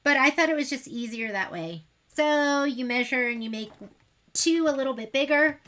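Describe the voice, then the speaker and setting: A woman's voice: high-pitched, moderate pace, fairly bright tone. A woman hosting a sewing livestream, chatting casually and rambling while she demonstrates. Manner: chatty, rambling, self-deprecating. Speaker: sewing shop livestream host.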